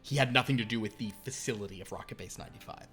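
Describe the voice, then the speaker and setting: A man's voice: on the low side, very fast, a bit bright, faint music behind. A man narrating as game master in a tabletop horror game, with a loose manner full of fillers.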